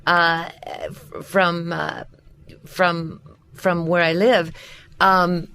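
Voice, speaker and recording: A woman's voice: lowish voice, level tone, extremely slow, sharp tone, clean tone. A woman voice actor and teacher in a casual podcast conversation, explaining her craft animatedly with frequent restarts. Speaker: guest voice actress and voice-over teacher.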